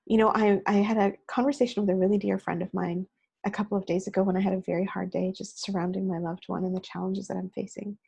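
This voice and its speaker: A woman's voice: mid-range voice, level tone, quick pace, vocal fry, darkish tone, husky. A woman giving an earnest, personal keynote talk on video, speaking conversationally and often saying "you know". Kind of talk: motivational talk recorded on video.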